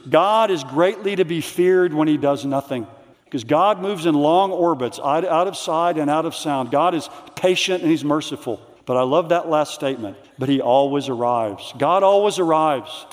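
A man preaching a conference sermon in earnest, reading quotes slowly so they sink in. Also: a little high. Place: large hall. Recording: long hall reverb.

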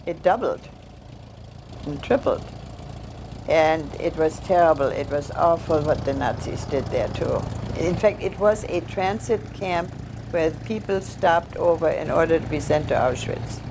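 A woman's voice: low voice, noisy background. Older woman recalling earnestly. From Germany. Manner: earnest, heartfelt recollection with halting restarts. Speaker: survivor giving testimony. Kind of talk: personal storytelling.

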